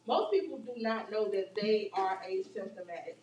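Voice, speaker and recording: A woman who works at a hospital gives health advice in a brisk, matter-of-fact way. Her pitch is average. She sounds distant in a roomy space, and a faint background noise hangs under her voice. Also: a little mellow, muffled recording. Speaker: hospital worker and co-host. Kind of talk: casual chat giving health advice.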